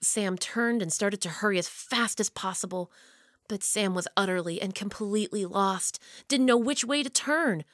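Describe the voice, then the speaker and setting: A woman reads a children's story aloud, steady and expressive, sinking low and quiet for suspense. Her voice sits at an ordinary middle pitch for a woman. The sound is close and dry, with no echo. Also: moderate pace.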